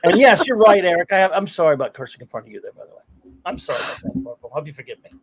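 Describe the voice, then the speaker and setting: A middle-aged man hosts a casual live stream, winding through long anecdotes. His voice sits high for a man. He curses freely and breaks into laughs between stories. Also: big pitch swings, rapid-fire, husky. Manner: rambling storyteller, curses freely, laughs often. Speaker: podcast host.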